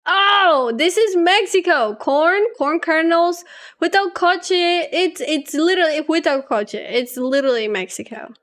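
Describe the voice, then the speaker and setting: High-voiced chatty woman streamer. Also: unhurried, fairly bright tone. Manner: chatty, giggly, reads aloud to chat. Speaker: livestreamer. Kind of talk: casual gaming stream chat.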